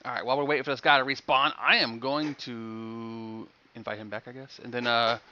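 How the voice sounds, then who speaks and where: A man's voice: mid-range voice, little pitch movement, a little fast, sharp tone, highs cut off, a little hiss or hum. A man streaming a game, chatting casually and joking as he thinks aloud. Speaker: gaming streamer. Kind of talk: casual live-stream chat.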